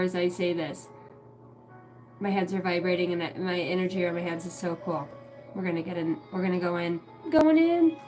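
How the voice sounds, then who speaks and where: A woman's voice: medium pitch, rough recording. A woman rambling crudely on her live stream, swearing often and laughing as she talks. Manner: crude, giggly, swears a lot. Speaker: livestream host.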